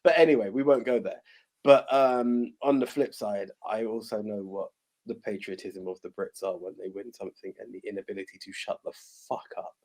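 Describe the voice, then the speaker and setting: A man's voice: fairly low pitch, steady tone, brisk, darkish tone. A man co-hosting a podcast in casual chat, telling stories animatedly with many restarts. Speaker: podcast co-host.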